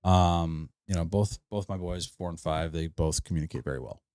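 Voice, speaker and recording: A man in his thirties co-hosting a casual podcast, an animated storyteller who laughs through his anecdotes. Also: deep voice, normal speed, clean tone, dry recording, studio quality. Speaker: podcast co-host.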